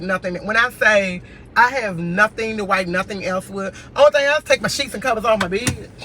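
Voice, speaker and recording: High-voiced, exasperated man venting. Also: pushed and bright, a little hiss or hum, poor audio. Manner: exasperated, repetitive ranting. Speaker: vlogger. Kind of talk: casual venting vlog. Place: inside a car.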